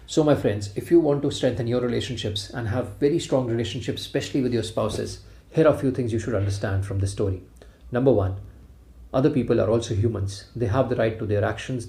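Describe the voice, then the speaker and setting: A man's voice: medium pitch, mellow. A man giving a motivational talk, telling a story and speaking emphatically to his listeners. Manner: emphatic, addresses listeners directly. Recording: echoey room.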